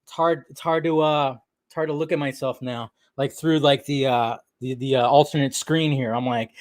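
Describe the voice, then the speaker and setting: A man's voice: mid-range voice, steady tone, moderate pace, dry recording, studio quality. A man hosting a casual live stream, chatting and joking while he greets viewers by name.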